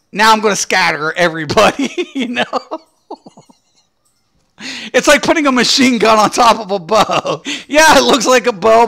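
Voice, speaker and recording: A gaming streamer reacts to game patch notes with excitable, profane commentary, swearing constantly and bursting into laughter. His voice is high and gravelly.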